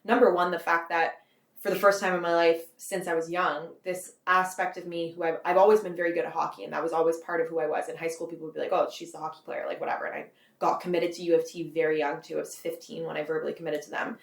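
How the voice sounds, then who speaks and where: A woman's voice: on the low side, little pitch movement, fast, gravelly, echoey room. A Canadian woman in her twenties, a guest author in a casual interview, rambling and filling her talk with "like". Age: 20s. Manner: rambling, heavy use of "like", frequent laughs.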